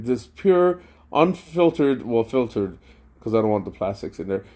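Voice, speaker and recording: A man telling a rambling, profane story in a casual vlog rant, full of slang and excited outbursts. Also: mid-range voice, moderate pace. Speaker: vlogger.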